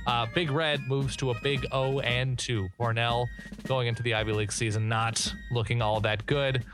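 A man's voice: medium pitch, steady tone, moderate pace, music in the background. A man co-hosting a podcast, chatting casually about college football with joking, rambling asides. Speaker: podcast co-host. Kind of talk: casual sports chat.

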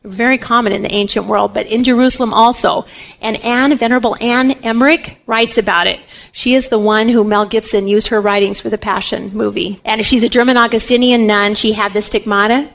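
A woman with a fairly high voice teaches on faith in the manner of a storyteller. She speaks with animated energy and voices the people in her tale as she goes. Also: brisk, creaky. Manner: animated storyteller acting out quoted lines. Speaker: Catholic teacher. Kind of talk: religious teaching talk, storytelling.

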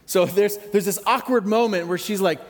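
A man preaching a sermon in a conversational, reflective way with gentle humor. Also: high voice, normal speed, in a large hall. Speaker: pastor.

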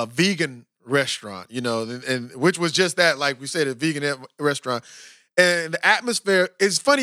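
An American man hosting a podcast in a casual, animated way, with lots of fillers. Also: a little high, dry recording, studio quality. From United States. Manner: animated and talkative, with frequent fillers. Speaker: podcast host interviewing a guest. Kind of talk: casual chat.

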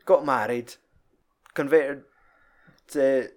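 A man's voice: mid-range voice, extremely slow. A young man, casually chatting about a film, swearing often and laughing as he retells scenes. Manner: sweary, laughing, quotes film lines in put-on voices.

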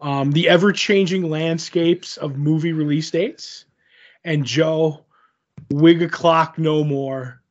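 A man's voice: fairly high pitch, dull audio. A man co-hosting a podcast in casual chat, rambling with lots of fillers and joking at his own expense. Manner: rambling, filler-heavy, self-mocking. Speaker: podcast co-host. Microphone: remote call recording.

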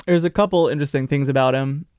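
A man's voice: fairly high pitch, fast, darkish tone, clear, resonant tone, no echo, studio quality. A man co-hosting a podcast, chatting casually about baseball history in a rambling, joking way with many fillers. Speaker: podcast co-host.

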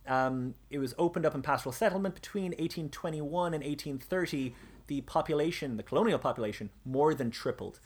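A man's voice: a little high, a little fast, slightly rough. A man presenting history in a casual conversation, reading out passages, with many fillers and restarts. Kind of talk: casual podcast chat.

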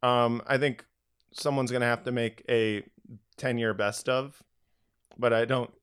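Male podcast co-host, tired and rambling, smooth clear voice, lots of ums. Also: mid-range voice, steady tone, unhurried, a bit bright. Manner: rambling, hesitant, lots of fillers. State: tired, with allergies. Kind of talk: casual podcast chat.

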